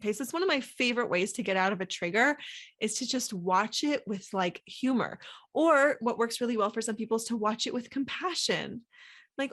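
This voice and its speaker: A woman's voice: fairly high pitch, expressive, a little fast, a bit bright. A woman hosting a solo coaching podcast, talking casually with many fillers and acting out inner thoughts. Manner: chatty, lots of "like" fillers, acts out inner voices.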